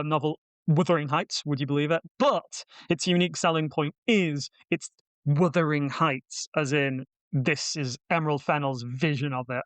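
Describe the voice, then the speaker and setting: Chatty higher-voiced man reviewing films. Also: fairly bright tone, clean tone, dry recording. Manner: chatty, wry, self-deprecating, quick asides. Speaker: film podcast host and reviewer. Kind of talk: casual film review chat.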